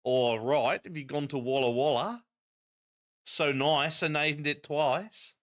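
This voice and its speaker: A man's voice: fairly high pitch, takes it slowly, fairly bright tone. A man putting on a jokey, exaggerated Australian accent as a breezy, chirpy bloke. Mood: cheery. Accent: put-on Australian.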